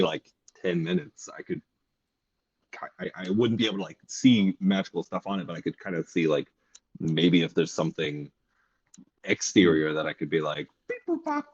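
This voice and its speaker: A man playing a tabletop game who talks in halting bursts with many restarts. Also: sits low, steady tone, breathy edge, no echo, highs cut off. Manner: halting, upbeat, full of restarts. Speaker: player.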